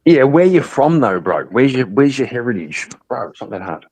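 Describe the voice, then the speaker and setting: A man's voice: medium pitch, sing-song, normal speed, darkish tone, slight background noise. A man from Northern Ireland co-hosting a stream, chatting casually in a teasing, blunt way. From Northern Ireland, born in Belfast. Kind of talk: casual chat.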